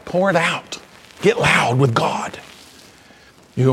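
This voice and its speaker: A man preaching with fervor, his somewhat high voice climbing and bursting into shouts. His words trail off into the long reverb of a large church hall. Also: slow pace, a little hiss or hum. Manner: impassioned preaching that swells to shouts. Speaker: pastor. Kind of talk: sermon.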